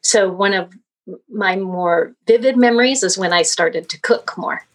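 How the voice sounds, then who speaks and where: A woman's voice: mid-range voice, a little slow. A woman being interviewed as a guest, chatting casually and reminiscing at length with plenty of fillers.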